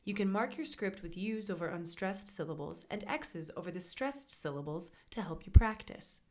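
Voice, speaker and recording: A woman's voice: medium pitch, expressive, moderate pace, dark tone. A woman teaching acting basics in an upbeat, encouraging, conversational scripted narration.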